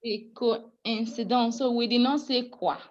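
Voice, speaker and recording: A woman's voice: mid-range voice, lively intonation, unhurried, muffled recording, a little hiss or hum. A woman teaching French pronunciation in an online class, patient and apologetic, often laughing and calling students dear.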